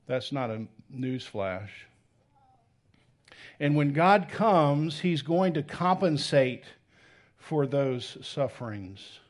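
A man in his thirties preaching with real energy, his fairly high voice climbing on the big points. He drops to soft, intimate tones for the tender moments and then surges back up loudly. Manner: animated, swings between loud emphasis and soft intimate tones. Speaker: pastor. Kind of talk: sermon.

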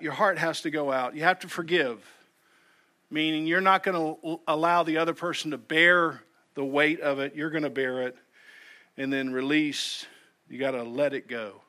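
A man's voice: medium pitch, sharp tone. A male pastor preaching a sermon in an earnest way, often repeating words as he starts a sentence. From United States.

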